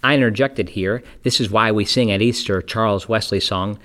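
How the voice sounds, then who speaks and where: A man's voice: fairly low pitch, moderate pace, hardly any pauses, fairly bright tone. A man hosting, introducing a question in a casual, reflective way. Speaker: host.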